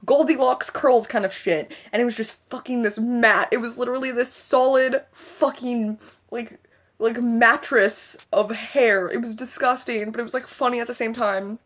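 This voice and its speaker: A young woman vents in a loose, swearing vlog rant, her voice sitting a little high for a woman. She rambles and circles back, peppering almost every phrase with "like". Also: steady tone, moderate pace, fairly bright tone. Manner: rambling and profane, constant filler "like". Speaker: vlogger. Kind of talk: casual ranting vlog monologue.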